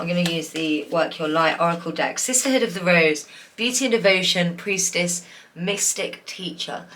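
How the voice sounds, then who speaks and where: A woman's voice: lowish voice, a bit bright. A woman giving a pick-a-card tarot reading, emotional and gushing, with many fillers. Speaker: tarot reader.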